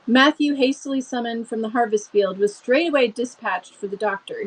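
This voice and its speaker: A woman's voice: a little high, rough recording. A woman reading a novel aloud expressively, with chatty asides and small stumbles. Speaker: book reader.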